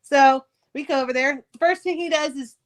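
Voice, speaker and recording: A middle-aged woman, an author on a podcast, candidly telling her life story in casual, profane, animated speech. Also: sits high, brisk.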